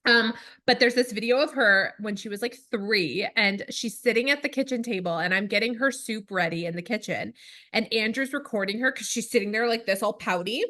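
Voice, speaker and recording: A woman's voice: fairly high pitch, fairly quick, sharp tone. A woman in her thirties from Canada, co-hosting a casual podcast, chatty and rambling with frequent laughs. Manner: chatty, rambling, laughs often, lots of fillers. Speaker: podcast co-host; mother. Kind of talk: casual chat.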